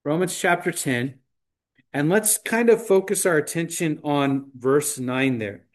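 A man leading an informal group Bible study, talking in a halting way with frequent restarts and ums. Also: fairly high pitch.

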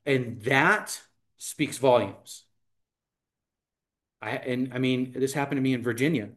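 A man's voice: medium pitch, slow pace, a bit bright. A man leading a Bible study group, telling anecdotes in casual talk and acting out what people said. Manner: storytelling, acts out anecdotes.

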